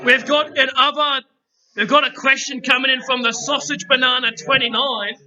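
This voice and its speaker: A young man hosting a chaotic comedic podcast, talking loudly and playfully and calling everyone mate, on a poor microphone. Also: extremely high pitch, little pitch movement, normal speed, crowd noise. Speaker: podcast host. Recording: dull lo-fi microphone.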